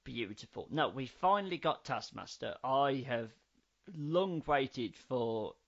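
A man's voice: mid-range voice, expressive, takes it slowly, gravelly, highs cut off. A man co-hosting a casual film-review podcast, ranting in an exasperated, sweary way. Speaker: podcast co-host.

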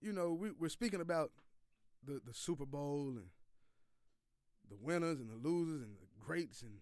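A man's voice: on the high side, lively intonation, normal speed, a little mellow, no room sound. A man hosting a sports podcast, delivering a loose, profane, slangy rant with lots of repeated phrases. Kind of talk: casual sports commentary monologue.

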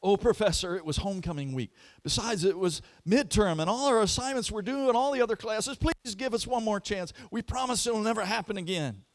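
Man playing high-pitched whining students in a sermon story, dry close sound. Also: fairly quick, hardly any pauses, no room sound, natural voice. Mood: pleading. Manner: high pleading whine. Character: pleading young college students, whiny and desperate.

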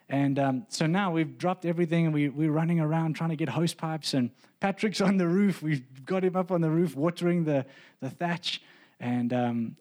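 A man's voice: mid-range voice, a little mellow. A man, a pastor, telling a personal story in a sermon, earnest and building to emphatic preaching.

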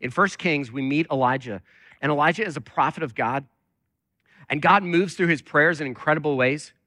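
Pastor guy preaching a sermon, bright lively voice, kinda high, dry close sound. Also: moderate pace, no echo. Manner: conversational, animated preaching with many fillers. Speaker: lead pastor.

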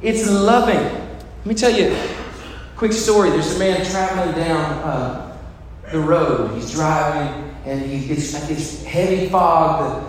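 A man's voice: a little high, takes it slowly. A man preaching a sermon as a pastor, telling stories dramatically and acting out the voices of the people in them. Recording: echoey hall, faint noise.

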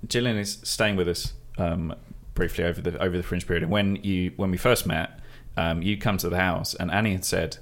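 A man with an Estuary English accent co-hosts a relaxed podcast chat. His voice sits a little low, and he jokes and laughs easily. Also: brisk, hardly any pauses. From South East London. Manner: jokey, laughs often. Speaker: podcast co-host.

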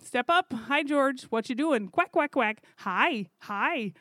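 A woman's voice: high voice, expressive, takes it slowly, fairly bright tone, no echo, clean studio sound, exaggerated voice. A woman imitating a cheeky little female magpie repeating its few chirpy stock phrases.

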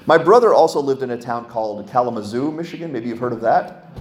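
A man's voice: medium pitch, fast talker, roomy sound, slight background noise. A man preaching a sermon, telling stories and asking the congregation questions. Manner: storytelling, animated, asks the congregation questions. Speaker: pastor.

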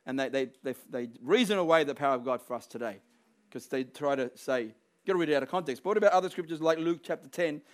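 A man preaches a sermon in a rather high voice. He leans hard on key lines and swells to forceful peaks, slipping into quick acted-out voices for the people he quotes.

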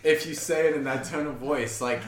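A man's voice: a little high, steady tone, normal speed, roomy sound. A man co-hosting a podcast, telling rambling stories in casual chat, swearing and acting out other people's voices. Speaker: podcast co-host.

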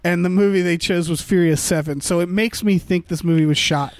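A man's voice: sits high, brisk, clean tone, no echo. A man co-hosting a casual movie-review chat, rambling with fillers and restarts. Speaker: podcast co-host.

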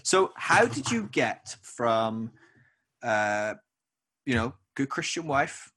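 Bright, husky Scottish man. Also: mid-range voice, slow pace. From Scotland. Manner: animated, laughs often, quotes himself in mock voices. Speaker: podcast host. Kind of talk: casual interview chat.

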